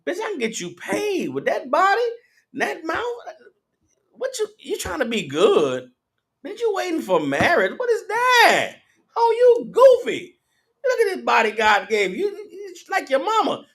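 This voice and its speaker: A man putting on a brash, crude male pimp who taunts in rapid street talk. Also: extremely high pitch, wildly swooping pitch, a bit bright, pitched above the performer's own voice, exaggerated voice. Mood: taunting.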